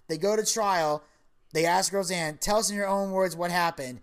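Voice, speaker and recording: A man's voice: sits high, brisk. A man hosting a podcast, telling a long story in casual chat and acting out the quoted lines. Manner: animated storyteller who acts out quoted lines. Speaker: podcast host.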